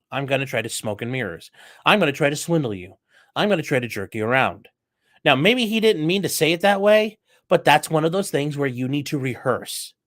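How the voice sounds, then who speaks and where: A man talks straight to his audience about a trial, blunt and emphatic, his pitch jumping around as he drives each point home. He reaches for sports analogies and drops the odd curse word. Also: fairly bright tone. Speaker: host commenting on a trial clip. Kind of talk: casual commentary.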